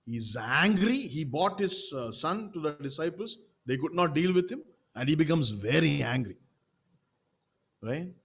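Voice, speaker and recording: A man's voice: a little high, lively intonation, unhurried, vocal fry, a bit bright, slightly rough. A man preaching a sermon as pastor, emphatic and repetitive, often checking in with the congregation through rhetorical questions.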